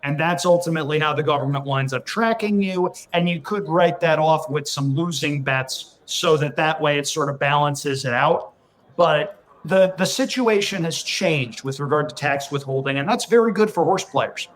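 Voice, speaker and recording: Male podcast guest, slightly high voice, plain explainer, dry and practical. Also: moderate pace, a bit bright. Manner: matter-of-fact, explains with numbers. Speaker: podcast guest, racing handicapper. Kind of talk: casual chat.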